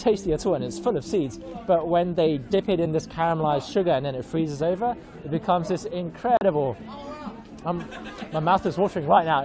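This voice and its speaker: A young adult reporter from northern China gives a friendly, chatty live walking tour, with many fillers. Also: mid-range voice. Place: busy outdoor market street in an old town. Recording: crowd and music outdoors.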